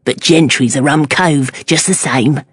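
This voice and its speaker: Lanigan, a mumbling Cockney fishmonger voiced by a woman, low and gruff, fawning, storybook character, very dry recording. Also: measured pace, no room sound. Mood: admiring. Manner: mumbling, eager to please. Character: apologetic Cockney male fishmonger, meaty-faced and fawning.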